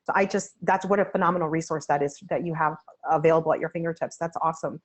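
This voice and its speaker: A woman's voice: deep voice, fairly even intonation, quick pace. A woman hosting a webinar interview, effusive and upbeat as she introduces and praises her guest. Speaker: webinar host.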